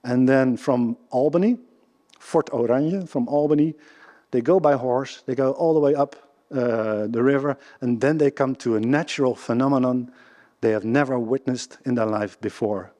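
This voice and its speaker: A man with a Dutch accent gives a history talk to a live audience, often restarting his sentences and checking with the listeners. His voice is mellow and dark, at an ordinary male pitch. The lecture hall adds a long reverb. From Netherlands. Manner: halting, with many restarts and questions to the audience. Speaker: guest lecturer.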